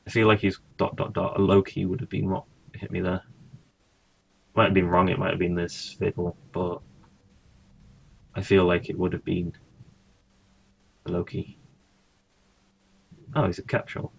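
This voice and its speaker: Male streamer, low husky voice, mutters and swears while playing. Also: little pitch movement, moderate pace, long pauses. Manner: muttering, swears casually, thinks aloud. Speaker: gaming streamer. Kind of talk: casual gameplay commentary.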